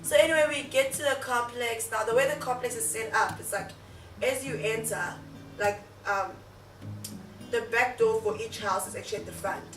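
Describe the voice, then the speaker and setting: A woman's voice: a little high, normal speed, far from the mic. A young South African woman with a South African accent, telling a story in casual chat, full of fillers and laughs. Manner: chatty, frequent fillers and laughs. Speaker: YouTuber. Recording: echoey room, off-mic, faint music.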